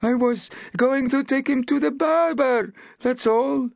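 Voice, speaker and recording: A man voicing a distraught male village farmer who pleads in a high, wailing voice. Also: animated, unhurried, no echo, studio quality, exaggerated voice. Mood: pleading.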